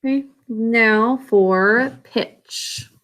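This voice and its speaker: A woman's voice: on the high side, very slow, a bit bright. A woman teacher explaining a science lesson in a casual, self-correcting way to young students. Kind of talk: recorded classroom lesson.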